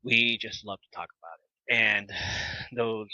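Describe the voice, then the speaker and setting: A man hosting a casual live podcast, animated and laughing often as he chats with viewers. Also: lowish voice, unhurried, no room sound. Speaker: podcast host. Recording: slightly dull lo-fi mic.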